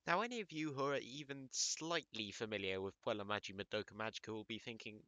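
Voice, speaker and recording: A man's voice: lowish voice, fast talker, hardly any pauses, bright, forceful tone, dry recording. Wry man narrating an anime essay. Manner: crude, wry humor. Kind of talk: scripted comedic commentary.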